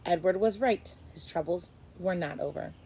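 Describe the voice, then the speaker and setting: A woman teacher reading a chapter book aloud to first graders, expressive and stopping to explain. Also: fairly low pitch, moderate pace, a little hiss or hum, poor audio. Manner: expressive, stops to explain to kids.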